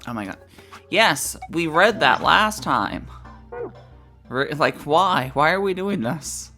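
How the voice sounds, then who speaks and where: A woman hosting a let's play, giving casual, profane, excitable commentary and mimicking characters. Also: low-pitched, slow pace, soft background music.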